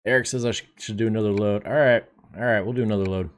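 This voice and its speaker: A fairly low-voiced young man streaming a game. He talks to his viewers in a relaxed, off-the-cuff way and swears casually. His commentary stays loose and unscripted. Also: very fast, slight background noise. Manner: chatty, laid-back, swears casually, talks to chat. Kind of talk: casual live gameplay commentary.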